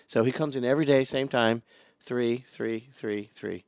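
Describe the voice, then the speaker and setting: Male podcast co-host, gravelly, dry booth sound, animated joke-teller. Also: mid-range voice, moderate pace, no room sound. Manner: animated storyteller who acts out the characters in a joke. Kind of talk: casual chat, telling a joke.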